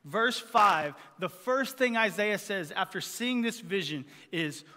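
A man with a notably high-pitched voice preaches a sermon to his congregation, driving points home by repeating phrases. His voice rings out with a long reverb trailing behind it, as in a large church hall. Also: animated, takes it slowly, sharp tone. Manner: emphatic, repeats phrases for effect. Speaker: pastor.

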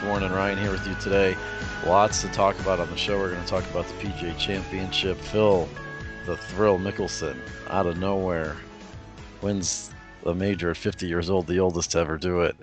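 A young man, co-hosting a casual sports podcast and telling a story with lots of fillers and restarts. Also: low voice. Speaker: podcast co-host.

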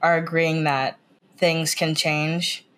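Slow and flat, with a deep yet slightly bright voice, an American woman chats casually as a podcast guest. She drifts around her point, restarts often, says "like" constantly, and replays scenes by quoting the lines.

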